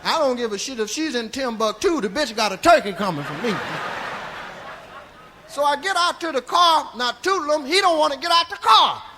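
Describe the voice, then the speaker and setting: A comedian playing a crude, rambling old storyteller, telling a long tale with chuckling asides on a live comedy record. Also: male voice, very high-pitched, expressive, moderate pace, pushed and bright, a little hiss or hum, heavily acted. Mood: drawling, rowdy. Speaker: stand-up comedian. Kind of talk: stand-up character monologue. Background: audience laughter.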